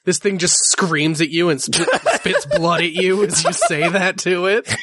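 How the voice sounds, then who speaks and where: A man narrating as game master of a tabletop game, laid-back and casual, with halting fillers and offhand swearing. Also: high voice, fairly bright tone.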